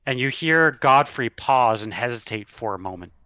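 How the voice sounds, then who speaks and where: A man narrating a tabletop horror campaign as game master, slow and dramatic with pauses. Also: medium pitch, expressive, pushed and bright, clean tone, dry recording, dull audio.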